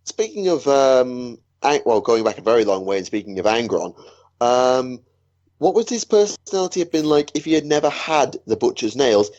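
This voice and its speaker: A man's voice: mid-range voice, lively intonation, normal speed, darkish tone, dull audio. A man co-hosting a casual podcast chat, teasing and hesitant, with frequent ums. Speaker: podcast co-host.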